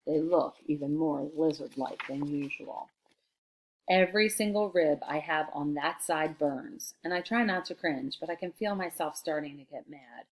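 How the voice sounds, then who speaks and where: Woman, teacher, deep voice, expressive read-aloud, explaining. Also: moderate pace. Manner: chatty, explanatory, expressive reading.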